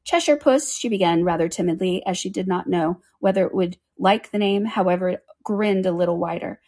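A woman reading a children's book aloud in a plain, steady storytelling manner. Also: fairly low pitch, brisk, slightly rough.

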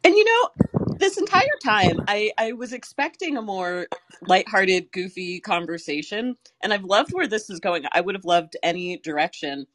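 A woman hosting a podcast interview. She talks in a soft, affirming way with hesitant fillers. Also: medium pitch, lively intonation, normal speed. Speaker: podcast host. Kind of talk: conversational interview.

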